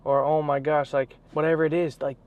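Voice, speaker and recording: A man vlogging in a casual, animated storytelling way, full of slang like bro and dude. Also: a little high, brisk. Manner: excited, animated retelling. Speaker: vlogger, athlete.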